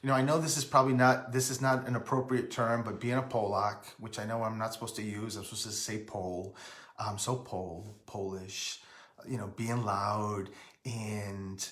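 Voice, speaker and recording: A man's voice: on the low side, flat delivery, normal speed, a bit bright, echoey room. A man from Rhode Island hosting a casual live stream, rambling and breaking off to greet viewers by name.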